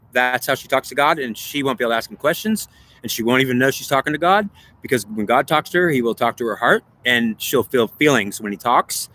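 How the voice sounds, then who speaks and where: Man with a bright, forceful voice, rambling. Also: medium pitch, slight background noise. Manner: repetitive, circling back on his own points; argues with himself in questions and answers. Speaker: spiritual speaker. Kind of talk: rambling spiritual monologue.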